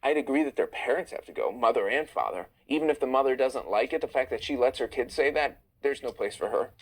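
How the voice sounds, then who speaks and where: A man's voice: medium pitch, animated, quick pace, slightly rough, rough recording. A tired man hosting a casual livestream, reading viewer questions aloud and answering them. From Iranian-American. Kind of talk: casual live chat. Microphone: phone livestream.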